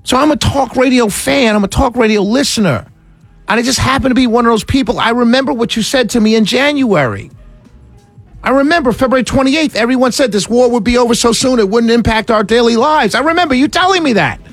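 A man hosting a talk radio show, delivering an animated, exasperated monologue with rhetorical questions. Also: very high voice, brisk, soft background music. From New York City.

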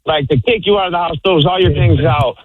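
A man calling in to a radio show, relaxed and a bit hesitant. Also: on the high side, fast, no room sound. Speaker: caller. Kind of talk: phone call to radio show. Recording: tinny phone line.

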